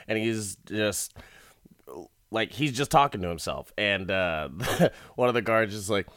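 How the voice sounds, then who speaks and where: A man's voice: lowish voice, a little slow, a bit bright, clean tone, no echo, clean studio sound. A man casually recapping a movie, laughing often, swearing freely and rambling.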